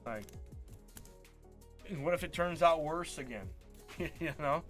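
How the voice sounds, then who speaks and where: A man's voice: on the high side, animated, takes it slowly. A man telling a long, frustrated story in casual live-stream chat as a card break host, acting out quoted dialogue. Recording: faint music behind.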